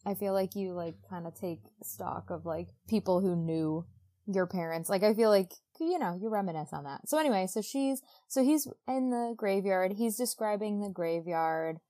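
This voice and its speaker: A woman co-hosting a casual book podcast, retelling a novel scene by scene. She keeps slipping into quick, playful quotes for the characters, with plenty of "like" and "you know" along the way. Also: medium pitch, warm tone. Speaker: podcast co-host. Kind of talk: casual book-club chat.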